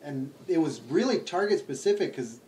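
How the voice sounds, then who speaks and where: A man chatting on a podcast with a high, lively voice. He breaks into profane, excitable outbursts. He sounds a bit far from the mic. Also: moderate pace. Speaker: podcast co-host. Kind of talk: casual chat.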